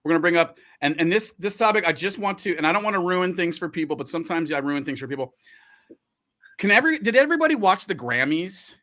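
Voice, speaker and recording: A man's voice: high voice, quick pace. A man hosting a casual livestream from a radio studio, joking and talking while he eats. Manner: animated, joking, talks while eating. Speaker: radio host.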